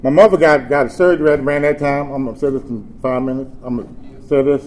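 A man telling his personal story to a meeting, swinging from animated joking to low, subdued talk. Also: fast talker. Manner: animated and joking early, then low and subdued while telling hard times. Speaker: speaker sharing his story at a recovery meeting. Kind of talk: spoken testimony. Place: meeting room with an audience. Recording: crowd murmur and background noise.

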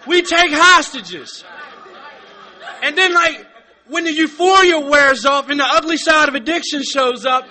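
A man gives an emotional recovery testimony at a meeting, blunt and full of profanity. His voice sits very high and has a tense, piercing edge. He often rises into shouting. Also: a little slow, a faint crowd. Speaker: recovering addict sharing at a meeting.

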